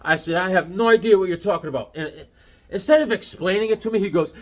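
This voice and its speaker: High-voiced guy rambling about comics on his channel, voice bouncing all over. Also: quick pace. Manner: rambling, animated storytelling with voices. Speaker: comic book YouTuber. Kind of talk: casual vlog chat.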